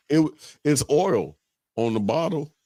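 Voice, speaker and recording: Laughing, animated Chicago man. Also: on the high side, slow, no room sound, clean studio sound. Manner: laughing, profane storytelling. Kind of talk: casual chat.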